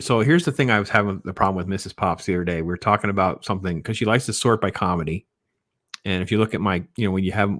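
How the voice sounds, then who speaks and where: A man with a lowish voice hosts a casual livestream talk show and reacts to viewer comments with firm opinions. The sound is close and dry, with no room echo. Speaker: podcast host.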